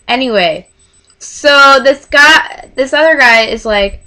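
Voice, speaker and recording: A woman's voice: fairly high pitch, normal speed. A woman in her twenties casually telling a story, acting out what people said. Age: 20s. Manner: animated, acts out dialogue with quoted voices. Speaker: vlogger.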